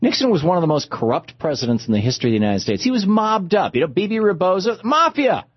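A man's voice: high voice, very animated, fast, breathy edge, no echo, lo-fi sound. Sarcastic, ranting male talk host. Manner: sarcastic and indignant. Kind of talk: political commentary rant.

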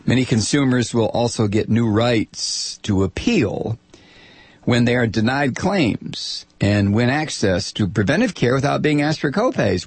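A man's voice: medium pitch, animated, unhurried, breathy edge, dry recording. A man hosting a political talk show, reading news and ranting sarcastically. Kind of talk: political talk radio commentary.

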